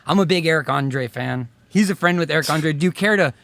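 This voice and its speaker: A man's voice: on the high side, fairly quick, gravelly, fairly bright tone. A man co-hosting a casual podcast, asking polite interview questions.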